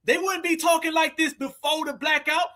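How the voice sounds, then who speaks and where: A man hosting a livestream, reacting loudly and hyping up his viewers. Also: very high voice, steady tone, moderate pace. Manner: loud, hyped, calls viewers fam. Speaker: livestream host reacting to clips. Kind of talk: hyped livestream commentary.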